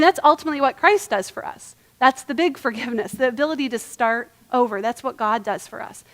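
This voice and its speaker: A young woman presenting a church parenting workshop, earnest and emphatic, often checking in with the audience. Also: on the high side.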